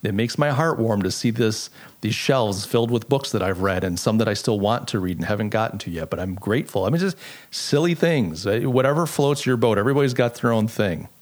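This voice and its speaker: A man's voice: on the low side, animated, brisk. Earnest middle-aged man musing aloud. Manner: earnest, reflective storytelling with frequent restarts. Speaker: podcast host. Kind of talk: casual solo podcast monologue.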